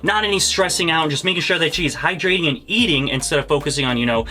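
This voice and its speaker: A young man hosting a casual reptile vlog, excitable, laughing often and cursing casually. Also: a little high, quick pace. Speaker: reptile breeder and channel host.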